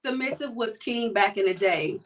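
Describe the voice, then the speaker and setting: Woman cohost, higher voice, sits back from the mic, teasing chatty vibe. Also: normal speed, recorded from a distance, noisy background. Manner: lively, teasing, talks to the audience. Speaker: co-host. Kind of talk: casual chat reading comments.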